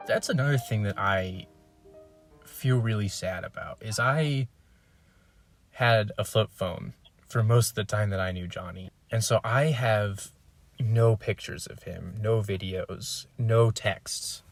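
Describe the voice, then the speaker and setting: A man's voice: lowish voice, slow pace, dry recording, soft background music. Reflective male podcast host, dry sound. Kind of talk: casual interview chat.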